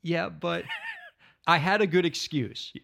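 Wry, fairly high-voiced man. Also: slow, gravelly, sharp tone, a little hiss or hum. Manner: dry, wry humor. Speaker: podcast co-host. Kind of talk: casual chat.

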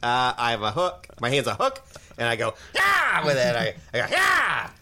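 A man's voice: medium pitch, huge pitch swings, moderate pace, pushed and bright, heavily acted. A man voicing a flustered, stammering male hitchhiker who has a hook for a hand, in a comedy story. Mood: eager stammer. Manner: stammering, eager.

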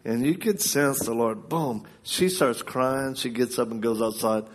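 A male preacher giving a sermon, telling a story in a loose, colloquial and animated way. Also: medium pitch, unhurried.

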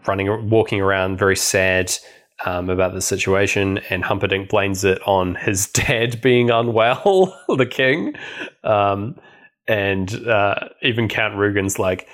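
A man co-hosting a podcast, casually recapping a film with a chatty, laughing manner. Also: on the low side. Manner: chatty, laughing, lots of fillers. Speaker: podcast co-host.

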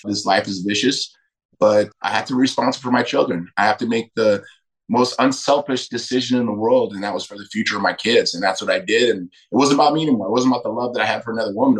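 A man's voice: lowish voice, quick pace, poor audio. A middle-aged man, a podcast guest, telling candid personal stories emphatically and acting out quoted dialogue. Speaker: podcast guest, retired fighter.

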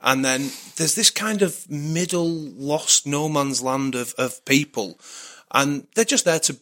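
A man's voice: on the high side, slow, sharp tone. A man telling rambling anecdotes in a casual chat, often restarting his sentences. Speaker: podcast guest, actor and former rugby player.

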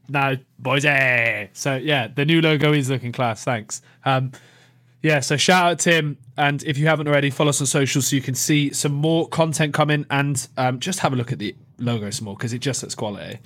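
A man's voice: medium pitch, moderate pace, a bit bright, dry recording. A young man co-hosting a casual football podcast, laughing, swearing and joking. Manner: laughing, swearing, jokey banter. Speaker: podcast co-host.

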